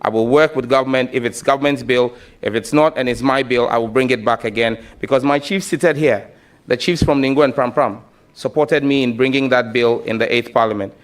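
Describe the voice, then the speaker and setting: A man's voice: medium pitch, fairly quick. A man answering questions as a nominee before a parliamentary committee, speaking emphatically and declaratively. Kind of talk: formal testimony. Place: parliamentary committee hearing room.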